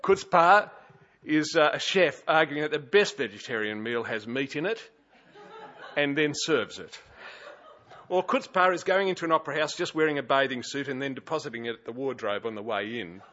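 An Australian pastor preaches a sermon in a church in a conversational, chatty way, with wry humour and frequent "uh" fillers and hesitations. His medium-pitched voice is brisk and sharp, and the recording is muffled.

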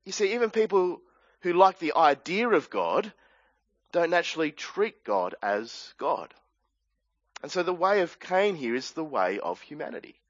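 A man's voice: fairly high pitch, fairly bright tone, no echo. A man with an Australian accent preaching a sermon, explaining a passage earnestly with asides and restarts. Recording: dry, dull lo-fi sound.

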